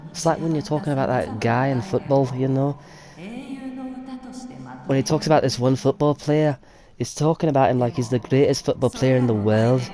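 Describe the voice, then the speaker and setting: A man rambling through casual commentary over a game, laughing easily and dropping the odd swear word. His pitch swings about, his tone is dark and mellow, and his voice sits in the middle range. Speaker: let's-play gamer.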